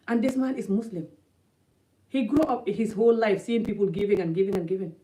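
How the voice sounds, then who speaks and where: A woman's voice: medium pitch, darkish tone, rough recording. A woman from Africa giving blunt, emphatic opinion commentary in a vlog, repeating points for stress. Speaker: vlogger.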